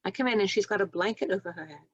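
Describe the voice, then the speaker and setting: A woman's voice: medium pitch, racing, husky, no room sound, muffled recording. A woman in her sixties, a nurse and doula, telling stories in a podcast interview, acting out the dialogue and laughing often. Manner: animated storyteller who acts out dialogue and laughs often.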